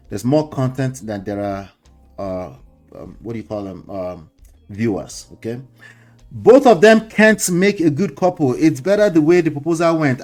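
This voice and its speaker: Middle-aged Nigerian male host, relaxed preachy commentary with laughs and slang, soft music bed. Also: medium pitch. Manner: lecturing, chuckling, mixes in pidgin slang. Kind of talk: casual commentary monologue.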